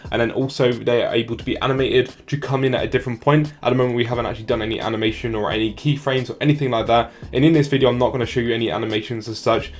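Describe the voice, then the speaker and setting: Fast-talking casual tutorial man. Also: mid-range voice. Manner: fast, casual, many "like" fillers. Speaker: software tutorial host. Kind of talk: screen-recorded tutorial walkthrough.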